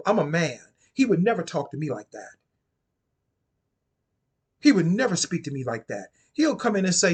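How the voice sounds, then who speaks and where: Sassy husky-voiced man chatting. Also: fairly high pitch. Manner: sassy, chatty, repeats and restarts phrases. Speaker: occult commentator. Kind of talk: casual spoken commentary.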